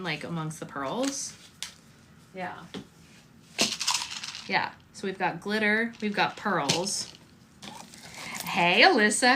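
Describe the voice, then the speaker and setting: A woman with a slightly low voice chats upbeat and casually with her stream viewers while she makes slime. Steady noise and crinkling sit under her voice. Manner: chatty, upbeat, talks to viewers while working. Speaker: slime maker hosting a live stream. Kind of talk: casual live-stream chat.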